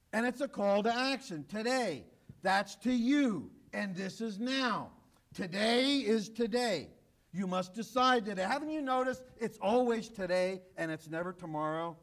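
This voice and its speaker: High-pitched guy preaching, pushy and urgent, keeps hammering the same point. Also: a bit bright. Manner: urgent, emphatic preaching with repeated calls. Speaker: pastor. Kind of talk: sermon. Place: church, broadcast on radio and online.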